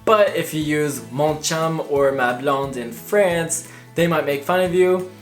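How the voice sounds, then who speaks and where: A woman's voice: low voice, a little slow. Young woman from Canada, casual vlog, friendly teaching tone, faint guitar behind. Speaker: language vlogger.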